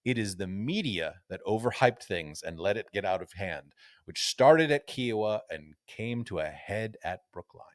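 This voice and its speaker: A man's voice: fairly low pitch, expressive, normal speed, no room sound, clean studio sound. A man co-hosting a casual golf podcast, reading newspaper quotes aloud in a storytelling way. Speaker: podcast co-host.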